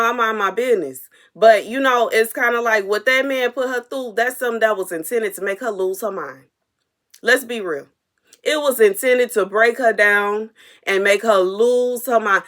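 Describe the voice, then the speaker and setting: A woman's voice: mid-range voice, fairly bright tone. Earnest woman giving a prophetic message. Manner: earnest, repetitive, emotionally stirred. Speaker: prophetic minister. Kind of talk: spontaneous prophetic message to viewers.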